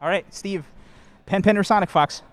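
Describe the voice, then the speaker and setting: Breathless energetic man hosting a show floor. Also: sits high, normal speed. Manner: energetic, joking, says he is out of breath. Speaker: host. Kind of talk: live show-floor event commentary. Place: large indoor convention hall floor.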